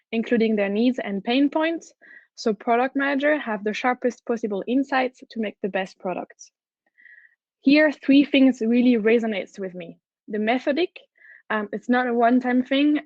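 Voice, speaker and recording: Brief: woman with a French accent, conference speaker, fairly high voice, earnest and keen, dull dry recording. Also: darkish tone, no echo. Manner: enthusiastic, earnest, with frequent restarts. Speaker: head of product, conference speaker. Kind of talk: conference talk.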